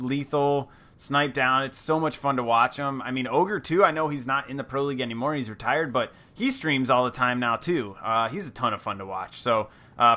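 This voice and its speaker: A man's voice: mid-range voice, sharp tone. A man hosting a competitive gaming podcast, presenting segments in an upbeat, fluent way with casual fillers. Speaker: podcast host. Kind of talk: casual chat.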